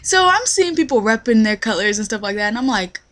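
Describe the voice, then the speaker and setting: A young woman with a lively, slangy, profane storytelling manner, acting out quotes as she rants in a casual vlog. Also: a little high, a little fast. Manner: animated storytelling, acts out quotes. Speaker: retail worker.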